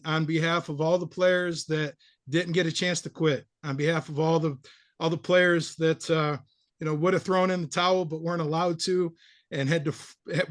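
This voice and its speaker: A middle-aged man telling a story about his school wrestling days in a grateful, animated way as a guest. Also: on the high side, no echo, clean studio sound. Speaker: former student athlete, guest. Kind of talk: casual storytelling.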